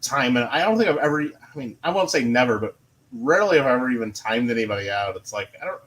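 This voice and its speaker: A man's voice: mid-range voice, lively intonation, fast talker, a bit bright. Easygoing, hesitant man streaming a game. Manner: easygoing, hesitant, laughs often. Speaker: streamer and chat moderator. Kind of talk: casual stream chat while gaming.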